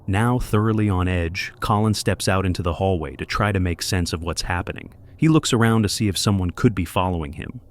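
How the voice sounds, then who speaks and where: A man with a low voice narrates a suspense story in a measured, dramatic way. His delivery is scripted and builds tension.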